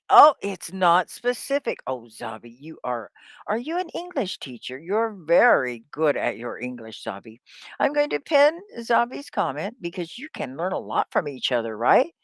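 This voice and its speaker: Woman teaching English live, upbeat and encouraging, low-pitched voice, very unhurried delivery. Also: huge pitch swings, no room sound, studio quality. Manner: slow, drawn-out word drills. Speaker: ESL teacher. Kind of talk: live-stream English lesson.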